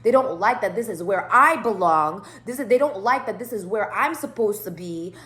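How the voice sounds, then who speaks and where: A woman's voice: mid-range voice, expressive, moderate pace, fairly bright tone. A woman telling a rambling story in a casual monologue, swearing a lot and stressing her words. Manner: profane, rambling, emphatic. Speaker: tarot reader.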